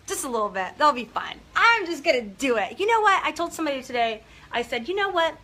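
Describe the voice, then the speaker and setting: A woman business coach talking casually and excitedly to viewers on a live video and calling out their names. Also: high-pitched, normal speed. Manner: upbeat, gushing, talks to viewers by name.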